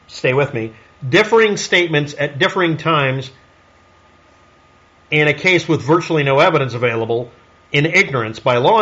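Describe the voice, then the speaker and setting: A man's voice: fairly high pitch, a bit bright, dull audio. A man delivering a solo commentary monologue in a snarky, sarcastic way, firing off rhetorical questions. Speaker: online commentator.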